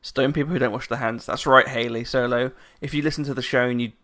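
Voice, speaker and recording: A man's voice: mid-range voice, steady tone, quick pace, bright, forceful tone. A man co-hosting a podcast in casual chat, rambling, restarting his sentences and laughing often. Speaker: podcast co-host.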